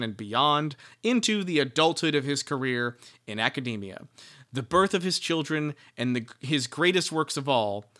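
A man's voice: mid-range voice, sharp tone. A man co-hosting a casual book-discussion podcast, rambling and laughing, with lots of restarts. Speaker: podcast co-host.

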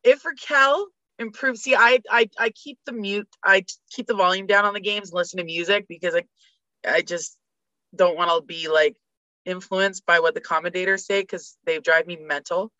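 A woman rants about sports and rattles off statistics in a bright, forceful voice. The recording is dry and slightly dull. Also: mid-range voice, fairly even intonation, moderate pace, no room sound. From Canada. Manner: fired-up ranting, rattling off stats. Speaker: podcast guest. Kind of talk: casual sports chat.

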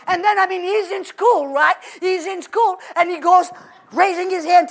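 A woman preaching a sermon in an animated, exclamatory way, with lots of fillers. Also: extremely high pitch, moderate pace.

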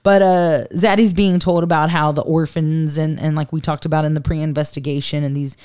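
Low-voiced giggly woman podcaster. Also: fairly even intonation, darkish tone, clean tone. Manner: giggly, enthusiastic, quick to agree. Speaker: podcast co-host. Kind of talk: casual chat.

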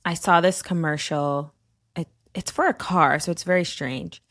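Woman podcast host, low voice, animated storyteller, dry close sound. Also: moderate pace, no room sound. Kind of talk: casual podcast conversation.

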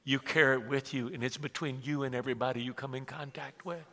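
A man, preaching a conversational sermon full of stories, swinging from hushed asides to loud bursts. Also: medium pitch, fairly even intonation, quick pace. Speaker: pastor. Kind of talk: sermon with storytelling. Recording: reverberant church hall.

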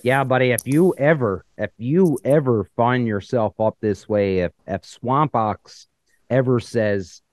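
A man hosting a podcast, asking questions in a relaxed, friendly way. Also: mid-range voice, a little slow, no room sound, studio quality. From Ontario, Canada. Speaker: podcast host. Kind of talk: casual podcast interviewing.

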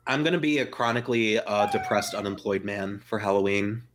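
A man's voice: fairly low pitch, huge pitch swings, brisk, background noise. A man hosting a casual group chat show, joking and swearing as he reads out questions. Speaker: podcast host.

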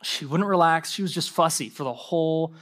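A young adult man, a pastor, preaching a sermon with animated storytelling and mimicked voices. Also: a little high, brisk.

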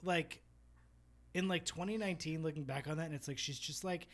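A woman's voice: deep voice, fairly quick. A woman co-hosting a podcast in casual chat, blunt and swearing as she picks apart a show. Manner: blunt, swears a lot, mocks characters in put-on voices. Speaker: podcast co-host.

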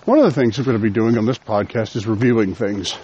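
A man's voice: fairly low pitch, fast talker, mellow, highs cut off, a little hiss or hum. A man hosting a casual solo podcast, chatty and self-deprecating, a little out of breath as he walks outdoors. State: slightly out of breath from walking. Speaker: podcast host. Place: outdoors while walking.

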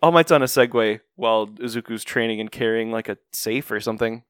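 A man's voice: mid-range voice, fairly quick, a bit bright, clear, resonant tone, no echo, clean studio sound. Man joking through an anime recap. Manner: joking, rambling recap with laughs. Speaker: podcast co-host. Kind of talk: casual chat recapping an anime.

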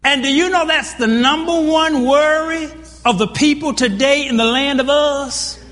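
A man's voice: extremely high pitch, a little slow, a bit bright, slight background noise. A man preaching a sermon, emphatic and full of rhetorical questions to the congregation. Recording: reverberant hall sound.

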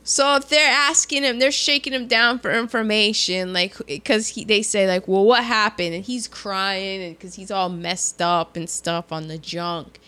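A woman in casual chat, recapping a film with animated storytelling. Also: mid-range voice, unhurried, few pauses, clear, resonant tone. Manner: animated storytelling, acts out quoted lines, laughs often.

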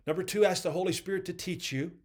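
A man's voice: high-pitched, fast talker, darkish tone. A man hosting a devotional podcast, earnestly preaching and commenting on quoted readings. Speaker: podcast host.

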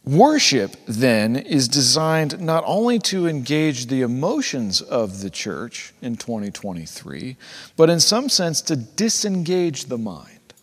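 A male pastor delivering a sermon in a conversational, animated way, acting out the people he quotes. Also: medium pitch, slow, breathy edge. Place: church sanctuary. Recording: long reverb of a church hall.

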